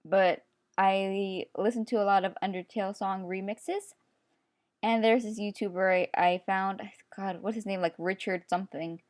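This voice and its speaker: With a steady tone, moderate pace, and a medium, slightly mellow pitch, a young woman narrates at length over her drawing in a computer screen-recording voice-over. The art YouTuber is chatty and self-mocking, and she often breaks into laughs.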